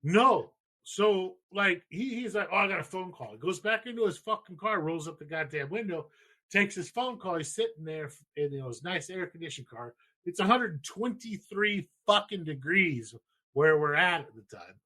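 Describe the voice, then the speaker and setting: At a normal speed, a man in his thirties rambles through a profane, casual story on his podcast. He sounds high, animated, pushed and bright.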